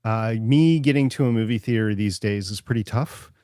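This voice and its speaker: A man's voice: on the low side, normal speed, mellow, no echo. Chatty Minnesotan man, dry close sound. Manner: chatty, rambling with repeated starts. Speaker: podcast host. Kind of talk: casual chat.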